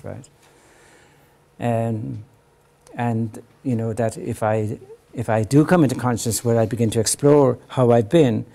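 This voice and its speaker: An older man gives an earnest parenting lecture in a gravelly voice at a middle pitch. He talks to parents directly and often checks in with a questioning "right?". When he voices worried parents, his pitch lifts. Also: dark tone, a little hiss or hum. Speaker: psychologist giving a talk.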